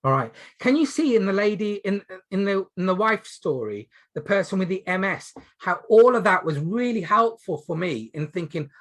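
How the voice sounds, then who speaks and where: A man teaching a medical exam webinar, emphatic and lively, asking the audience rhetorical questions. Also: sits high, normal speed, few pauses. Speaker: GP trainer.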